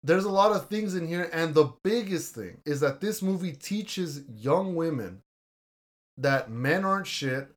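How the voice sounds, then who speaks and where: A man's voice: a little high, lively intonation, a little slow. A young man hosting a casual podcast, reviewing a movie in a blunt, argumentative way and swearing casually. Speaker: podcast host.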